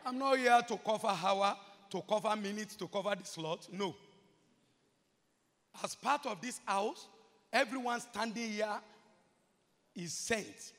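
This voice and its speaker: A man preaching a sermon as pastor, moving from murmured asides to shouted, repeated chants. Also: sits high. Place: large church hall. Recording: reverberant church hall.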